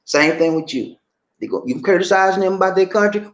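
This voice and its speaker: A man living abroad talking casually to his viewers, animated, acting out shop conversations and repeating phrases for emphasis. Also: sits high, brisk, reverberant, lo-fi sound. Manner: animated, acts out shop dialogues. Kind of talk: casual live-stream talk to viewers. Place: indoors, in the Philippines.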